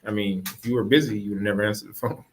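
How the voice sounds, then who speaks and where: A man's voice: lowish voice, fairly even intonation, rapid-fire. A man co-hosting a casual podcast chat, laid-back and joking, with slangy phrasing. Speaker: co-host, real estate investor.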